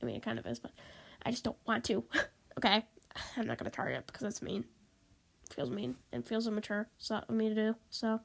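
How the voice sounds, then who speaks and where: Stuffy sniffly woman kinda high voice, rambling vlog into her tablet, keeps saying sorry. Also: fairly quick, creaky. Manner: rambling, apologetic, keeps repeating herself. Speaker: vlogger. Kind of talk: casual rambling monologue. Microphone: tablet microphone.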